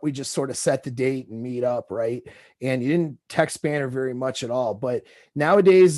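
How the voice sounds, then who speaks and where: A man's voice: medium pitch, darkish tone, no room sound, studio quality. A man coaching on dating, talking loosely and rambling as he reads out text messages and comments on them.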